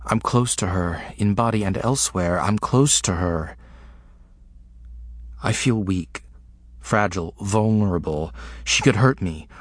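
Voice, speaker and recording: A man reads a first-person audiobook in halting, fragmented phrases, hushed and intimate. His husky voice sits slightly low, captured close and dry with no room sound at all.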